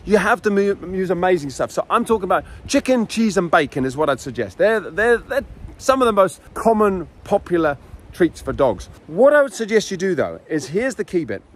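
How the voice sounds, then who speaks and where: A man's voice: high voice, big pitch swings, brisk. A man giving dog training tips in a casual, chatty way, acting out the dogs and owners as he explains. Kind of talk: casual instructional talk.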